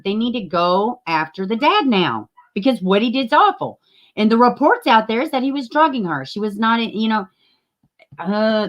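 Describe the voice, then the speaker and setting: A woman's voice: mid-range voice, a bit bright. Chatty woman hosting a live stream. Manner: chatty, greets viewers by name, swears freely. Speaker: livestream host. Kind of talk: casual live-stream chat.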